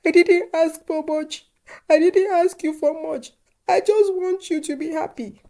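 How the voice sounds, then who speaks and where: A woman's voice: on the low side, expressive, moderate pace. A woman voicing a domineering, demanding older mother-in-law in a storybook tale. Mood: tearful. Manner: scornful, loud, turns tearful.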